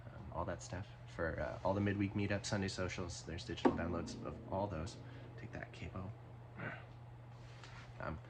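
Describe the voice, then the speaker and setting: A man chatting casually between songs as the host of his own weekly music show, soft-spoken and rambling, with lots of "um" and "uh". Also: low-pitched, gravelly, background noise. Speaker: singer-songwriter hosting a weekly music show. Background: acoustic guitar.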